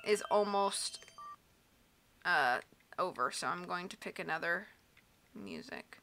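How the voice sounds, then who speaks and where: A woman's voice: fairly low pitch, expressive, slow, bright, forceful tone. A woman reading a storybook aloud on a live stream and chatting casually with viewers. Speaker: audiobook reader and live streamer. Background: faint background music.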